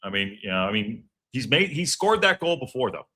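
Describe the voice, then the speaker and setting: A man's voice: medium pitch, sing-song, a little fast, pushed and bright. A man hosting a live fan podcast, chatting loosely and reading out viewer messages. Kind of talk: casual live watch-along chat.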